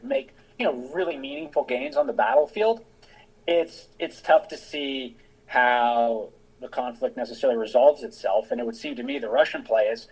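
Husky-voiced man explaining at length. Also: medium pitch, darkish tone, poor audio. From United States. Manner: discursive, thinking aloud while explaining. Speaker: guest, author and veteran. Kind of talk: casual podcast interview.

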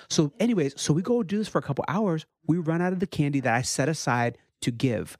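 Animated pastor telling a family story. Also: male voice, quick pace, few pauses, dry recording, clean studio sound. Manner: animated, rises high when quoting his kids. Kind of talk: casual storytelling chat.

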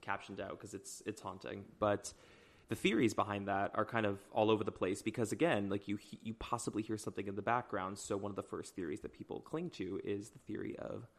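A man co-hosting a true-crime podcast, chatting casually and reading out call captions slowly. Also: fairly low pitch, steady tone, creaky. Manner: laid-back, reads captions aloud slowly. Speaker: podcast co-host.

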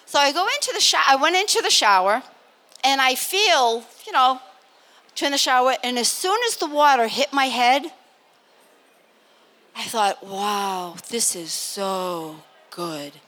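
An older woman from Massachusetts telling a lively story as a guest on a live panel, laughing and acting out what people said. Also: high-pitched, normal speed. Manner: animated, laughing, acts out quotes. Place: live expo stage.

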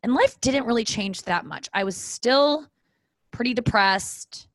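A woman's voice: fairly high pitch, lively intonation, measured pace, no echo. Rambling woman podcaster, dry close sound. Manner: rambling, self-deprecating, swears casually. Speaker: podcast host. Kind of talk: casual solo podcast monologue. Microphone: podcast microphone.

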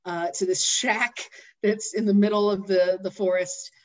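A woman co-hosting a casual podcast, retelling a film's story in a chatty, animated way. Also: medium pitch, a little slow, rough recording. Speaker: podcast co-host. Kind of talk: casual movie recap chat.

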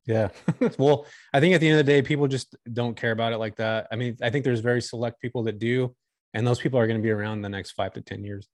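A man's voice: medium pitch, fairly even intonation, fast, a little mellow, no echo, studio quality. A man talking candidly and enthusiastically as a guest on a casual podcast chat. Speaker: guest, short-term rental host.

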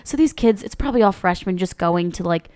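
A woman's voice: mid-range voice, expressive, a little fast, darkish tone, clear, resonant tone. A young woman co-hosting a podcast in casual chat, loose and profane with lots of fillers. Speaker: podcast co-host.

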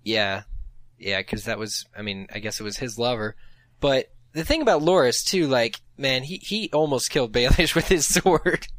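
A man's voice: mid-range voice, lively intonation, moderate pace, a bit bright, dry recording. A man chatting casually on a podcast with a mid-range voice. He rambles and restarts his thoughts as he talks, and the recording is dry and close. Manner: rambling, thinks aloud, frequent restarts. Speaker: podcast co-host. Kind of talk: casual chat.

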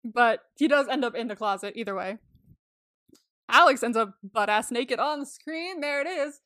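A woman's voice: fairly high pitch, normal speed, bright, forceful tone, no room sound, studio quality. A woman co-hosting a podcast, chatting casually and animatedly, swearing freely, laughing often and acting out quotes. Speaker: podcast co-host. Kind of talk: casual recap chat.

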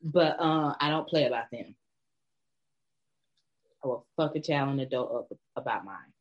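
A woman's voice: very deep voice, lively intonation, normal speed. A middle-aged woman co-hosting a casual chat, blunt, brash and profane. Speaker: podcast co-host. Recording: dull lo-fi sound.

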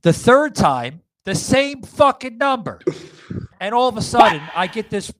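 A man's voice: very high voice, big pitch swings, measured pace, a bit bright. A man co-hosting a podcast, telling a long story in crude casual chat, full of fillers and swearing. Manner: rambling storyteller, heavy swearing, many fillers. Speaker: podcast co-host.

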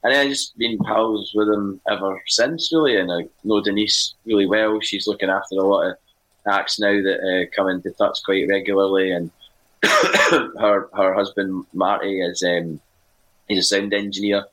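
A Scottish man with a very deep, low-pitched voice chats on a podcast. He tells long, wandering stories full of fillers and small restarts, in a relaxed conversational way. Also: moderate pace, rough recording. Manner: rambling anecdotal storytelling with many fillers. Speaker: podcast co-host and music writer. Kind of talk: casual podcast chat.

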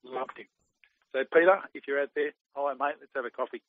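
A man's voice: mid-range voice, fairly even intonation, brisk, no echo. An Australian man in his forties, a former footballer, chatting in an interview in a rambling way full of fillers and restarts. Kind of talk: casual interview. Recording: dry tinny phone line.

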